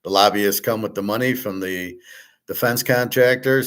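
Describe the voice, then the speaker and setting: A man's voice: on the low side, normal speed, a bit bright, clean tone. A man hosting a casual opinion monologue, blunt and profane, arguing with rhetorical questions. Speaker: host.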